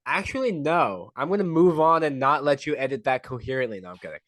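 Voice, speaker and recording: A man in a tabletop game jokes wryly through the last of a cold, with coughs breaking in. His voice is middle-pitched and recorded close and dry. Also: expressive, quick pace, fairly bright tone, dry recording. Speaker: player.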